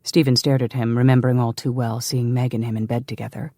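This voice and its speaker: A male audiobook narrator reading a historical romance in a measured, even way. His voice carries a gravelly texture at a middle pitch, recorded close and dry with no room sound. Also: dry recording. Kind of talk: scripted narration.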